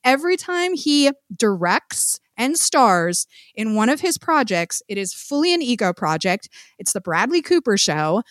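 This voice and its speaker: A woman's voice: on the high side, very animated, unhurried, few pauses, dry recording, clean studio sound. A young adult woman co-hosting a podcast, reviewing films in blunt, emphatic casual chat with swearing and repetition. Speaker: podcast co-host.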